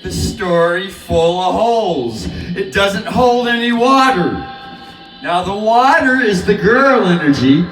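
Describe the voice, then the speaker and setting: A man's voice: high voice, animated, slow pace, a bit bright. A man rambling about chords and word play while playing guitar at home, with loose free association. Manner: rambling, free-associating, breaks into laughter and snatches of singing. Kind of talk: rambling musing over guitar practice. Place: home room with guitar amp. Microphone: dynamic mic, sung dry. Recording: roomy home recording, mic at a distance.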